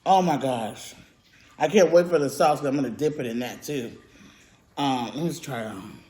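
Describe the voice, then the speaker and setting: A woman's voice: very deep voice, moderate pace, warm tone. A woman hosting a casual eating vlog at home. She gushes over the food with lots of fillers and mm sounds. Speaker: mukbang vlogger. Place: at home, indoors. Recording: echoey room.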